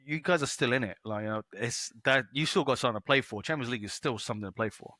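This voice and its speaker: A man's voice: medium pitch, fast, sharp tone, no room sound. A man co-hosting a casual sports podcast, blunt and swearing freely. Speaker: podcast co-host.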